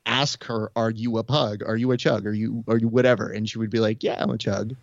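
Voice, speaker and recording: A low-pitched young man chats casually, telling a story. He acts out the quoted lines with lively shifts in pitch. His voice sounds dry and slightly dull, as if recorded on a modest mic. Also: a little fast, creaky, dry recording. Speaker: podcast host. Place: Burbank area.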